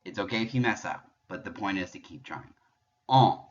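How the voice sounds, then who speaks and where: Guy teaching french sounds, lowish voice but bright, kinda dull lo-fi audio. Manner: patient, explanatory, demonstrates sounds slowly. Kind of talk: pronunciation lesson.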